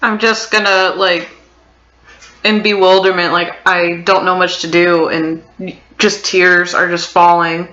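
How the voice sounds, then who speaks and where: Bright-voiced woman player, echoey room. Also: on the low side, flat delivery, muffled recording. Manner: halting, with many likes. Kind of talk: tabletop role-play.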